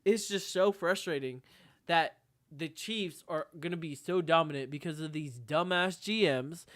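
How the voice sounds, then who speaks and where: A man's voice: a little high, normal speed, fairly bright tone, no room sound, studio quality. Heated, profane man ranting on a podcast. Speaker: podcast co-host. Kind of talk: casual sports podcast rant.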